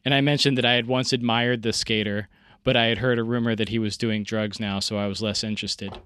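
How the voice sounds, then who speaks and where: A man's voice: on the low side, steady tone, fairly quick, a bit bright, smooth, dry recording. Casting: man, forties, rambling casual storyteller, dry close sound. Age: 40s. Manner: rambling, self-deprecating, many fillers.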